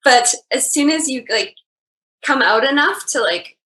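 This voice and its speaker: A woman's voice: high voice, lively intonation, measured pace, fairly bright tone, poor audio. A woman being interviewed as a guest, talking candidly and reflectively with many "like" fillers. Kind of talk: casual reflective conversation.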